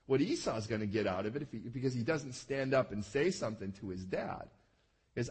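Male pastor, animated conversational sermon, husky tone. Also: mid-range voice, fairly quick. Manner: conversational, checks in with listeners, acts out quoted lines.

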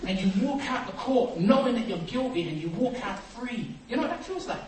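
A man preaching a sermon, acting out dialogue and swinging from quiet reflection to loud, animated storytelling. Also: very high-pitched, fairly quick, hardly any pauses. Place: church hall. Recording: echoey hall, distant mic, noisy.

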